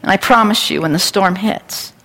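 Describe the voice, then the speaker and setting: A woman's voice: medium pitch, moderate pace, a bit bright, in a large hall. A woman pastor preaching a sermon with an earnest, repetitive cadence.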